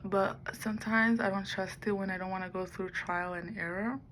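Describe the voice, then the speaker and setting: A woman's voice: mid-range voice, fairly even intonation, moderate pace, a bit bright, slight background noise, low-quality recording. A woman talking to the camera in a rambling personal vlog, musing aloud and drifting between topics. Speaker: vlogger.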